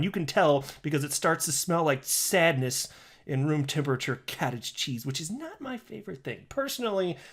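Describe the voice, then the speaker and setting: A man doing solo commentary for his channel, reading tweets aloud and ranting sarcastically, sometimes stopping to restart a line. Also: a little high. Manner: animated, sarcastic ranting with mocking insults; self-correcting, restarts lines. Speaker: crypto YouTuber.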